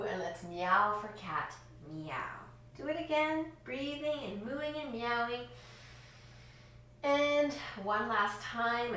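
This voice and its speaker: A woman teaching a children's yoga class, giving gentle, encouraging cues in time with slow breaths. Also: on the high side. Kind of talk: guided kids yoga lesson. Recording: echoey room, distant from mic.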